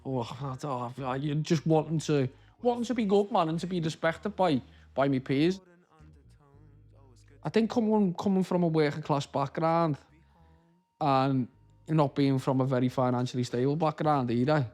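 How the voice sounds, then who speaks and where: A man's voice: mid-range voice, darkish tone. Chatty Liverpool man telling stories. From Liverpool, England. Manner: rambling, many restarts and "you know", local slang. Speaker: actor, interview guest. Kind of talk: relaxed interview storytelling.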